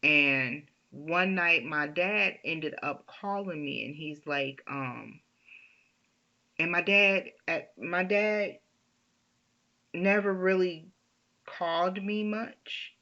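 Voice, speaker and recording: Slow gravelly woman telling her story. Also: lowish voice, sharp tone, muffled recording. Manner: halting, with many restarts. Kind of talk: personal story time.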